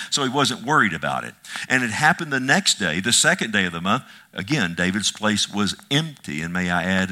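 A man's voice: lowish voice, bright, forceful tone. A man teaching a Bible study, reading passages aloud and stopping to ask the listeners pointed questions. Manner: reads scripture slowly, then asks the listeners pointed questions.

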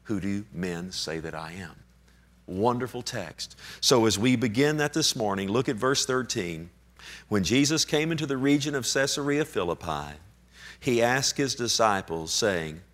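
A man as pastor preaching an emphatic sermon, pushing his voice up and dropping it low for emphasis. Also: expressive, a little slow, fairly bright tone.

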